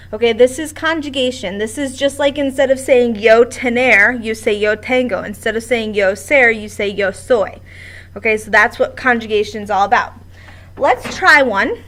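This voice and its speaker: A woman's voice: on the high side, a bit bright. A woman teaching a Spanish grammar lesson at a board in a classroom, explaining step by step with patience.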